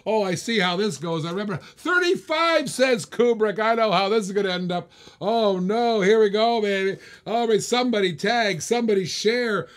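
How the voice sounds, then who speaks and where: Guy running a live online auction, fast teasing patter, kinda high voice. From Australia. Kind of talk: live-stream auction commentary.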